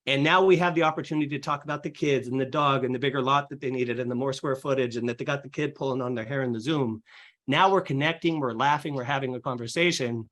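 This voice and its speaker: Young man explaining fast and filler-heavy. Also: mid-range voice. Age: young adult. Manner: energetic, filler-heavy explaining with acted client quotes. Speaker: real estate agent, podcast guest. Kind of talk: casual podcast conversation.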